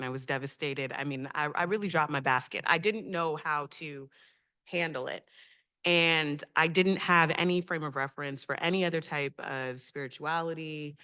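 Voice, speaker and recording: A woman's voice: a bass voice, sharp tone, clear, resonant tone. A woman speaking on a community panel, telling a personal story in a heartfelt, reflective way with frequent hesitations.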